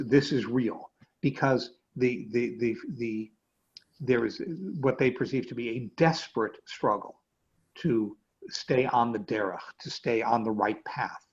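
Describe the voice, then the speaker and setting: A man teaching as a rabbi in an easygoing lecture, pausing often with fillers and restarting his phrases. His voice is somewhat husky. The video call audio comes through dull and lo-fi. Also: medium pitch. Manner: hesitant, many fillers and restarts. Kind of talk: conversational lecture.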